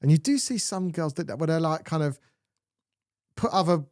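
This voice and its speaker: A man's voice: fairly high pitch, animated, moderate pace, darkish tone, no echo, studio quality. A man co-hosting a casual chat, laid-back and reading out listener comments. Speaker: co-host.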